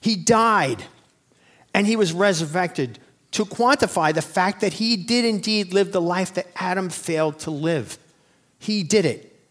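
A man's voice: high voice, animated, measured pace, fairly bright tone. A man in his forties preaching a sermon in an emphatic, conversational way, full of rhetorical questions. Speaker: pastor.

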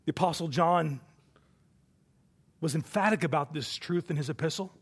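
Gravelly high-voiced male preacher. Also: moderate pace. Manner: emphatic preaching, rising and falling in volume. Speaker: pastor. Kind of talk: sermon.

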